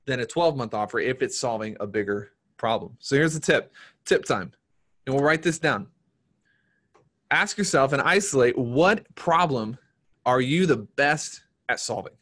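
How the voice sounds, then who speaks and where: A man giving a live-streamed marketing workshop, energetic and repeating his key points for emphasis. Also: mid-range voice. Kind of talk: live-streamed business seminar talk.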